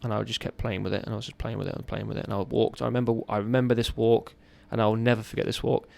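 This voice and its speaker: A man in his thirties, a podcast guest, telling a raw personal story in an earnest, halting way. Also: lowish voice, flat delivery, gravelly, a little mellow.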